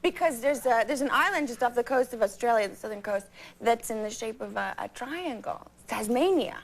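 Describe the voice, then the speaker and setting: A woman's voice: a little high, expressive. A young woman in her twenties, a guest on a talk show, telling stories in a chatty, giggly way. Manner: chatty storytelling, quick, giggly asides. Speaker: actress guest.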